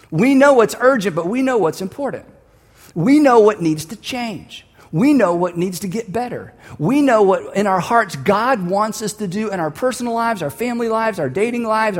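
A man's voice: fairly high pitch, breathy edge, big-room sound. A man preaching a sermon, telling a personal story and leading the listeners to repeat a line together. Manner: storytelling, building to emphatic calls for the audience to repeat. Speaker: pastor.

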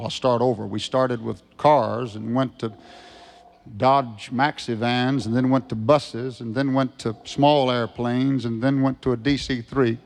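A man preaching a revival sermon, folksy and storytelling, rising to shouted fervor. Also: mid-range voice, creaky. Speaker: evangelist preacher.

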